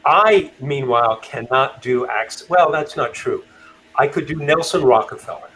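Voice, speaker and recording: A man talking as an author guest in a casual interview, thoughtful and halting, with frequent fillers and restarts. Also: mid-range voice, expressive, pushed and bright, a little hiss or hum, poor audio.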